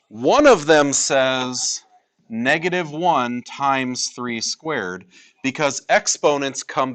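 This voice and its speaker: A man teaching a high school math class in a classroom, lecturing with emphasis and repeating key points for his students. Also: a bit bright.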